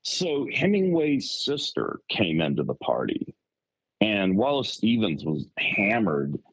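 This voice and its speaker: A man on a podcast telling a story in casual chat, rambling and animated with lots of fillers. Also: fairly low pitch, slow, creaky, slightly rough, dry recording, low-quality recording. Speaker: podcast co-host.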